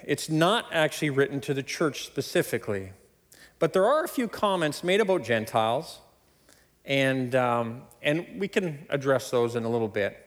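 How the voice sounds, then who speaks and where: A man preaching a sermon, emphatic and animated, often laughing between points. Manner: animated, emphatic preaching with sudden loud high stresses. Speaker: pastor. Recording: long hall reverb.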